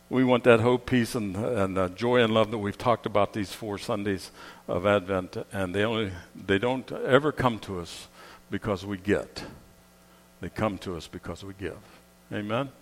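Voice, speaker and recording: A man's voice: fairly low pitch, measured pace. A male pastor preaching a Christmas-season sermon in a conversational way, often asking the congregation to agree, then leading a prayer. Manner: conversational, keeps asking the room "Amen?".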